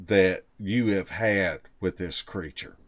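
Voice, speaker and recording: A male radio show host asking interview questions in a slow, drawn-out way. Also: sits low.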